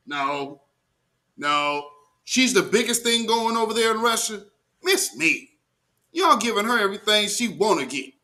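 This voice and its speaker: Hosting a live commentary show, a man with a high, bright, forceful voice speaks casually to his audience. He uses slang, throws in exclamations and makes mocking asides.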